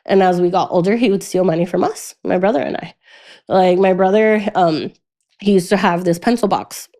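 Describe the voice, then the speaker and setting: A young adult woman with a warm, lowish voice speaks at normal speed as a guest in a casual interview. Chatting about her life story, she laughs often and raises her voice sharply when quoting others.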